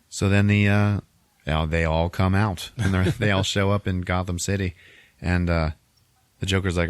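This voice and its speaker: Podcast host, male, deep voice, casual amused movie recap with frequent chuckles, dry recording. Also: little pitch movement, moderate pace, pauses often, clean tone, no room sound. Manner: chuckles often while retelling scenes.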